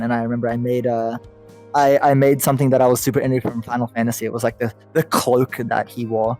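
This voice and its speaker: A man's voice: mid-range voice, fairly even intonation, fast talker, darkish tone, soft background music. A man hosting a podcast, chatting casually, full of laughter and filler words as he tells stories. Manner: laughing storyteller, heavy use of "like" and swearing. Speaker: podcast host. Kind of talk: casual chat.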